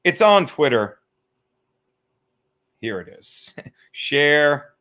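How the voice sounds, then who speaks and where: A man's voice: fairly high pitch, sing-song, very slow, pushed and bright. A man hosting a casual livestream chat, rambling and joking as he tells a story, cursing freely. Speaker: podcast host.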